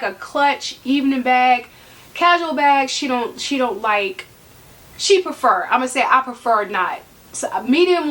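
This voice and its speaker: A woman with a high voice chats to camera from home in a sassy, joking way. She speaks straight to her viewers as a regular vlogger reviewing her bags. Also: a bit bright. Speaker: handbag collection vlogger. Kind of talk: casual talk to camera. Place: room at home.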